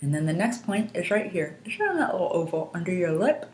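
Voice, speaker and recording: Calm woman teaching in an echoey room. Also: on the low side, fast talker. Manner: calm, patient step-by-step guidance. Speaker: EFT tapping instructor. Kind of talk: guided instructional demonstration.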